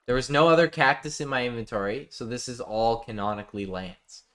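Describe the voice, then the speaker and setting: A man with a medium-pitched, slightly bright voice talks a little fast. He's broadcasting a building game live, chatting easily with viewers, reading their chat aloud and joking.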